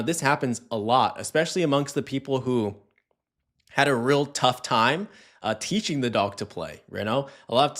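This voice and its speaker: A man giving a casual, conversational dog training lesson, often checking in with "right?" and acting out little scenes. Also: mid-range voice. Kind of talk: casual instructional talk.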